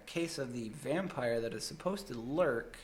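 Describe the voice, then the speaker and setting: A man from the American Midwest co-hosting a podcast, telling a story in a rambling, halting way and laughing easily. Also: medium pitch, animated. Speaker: podcast co-host. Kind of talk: casual chat.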